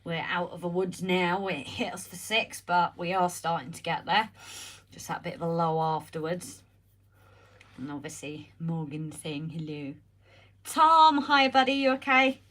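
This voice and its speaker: A woman hosting a casual home live stream, chatty and greeting viewers by name, her voice slightly croaky as she recovers from being ill, talking into a phone on a holder. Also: on the low side, a little slow, a bit bright. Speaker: livestream host.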